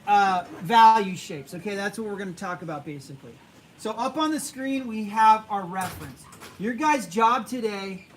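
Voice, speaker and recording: Man, high voice, casual halting art teacher, faint classroom hum. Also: poor audio. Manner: casual, halting, repeats himself, hushes the class. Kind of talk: classroom drawing lesson.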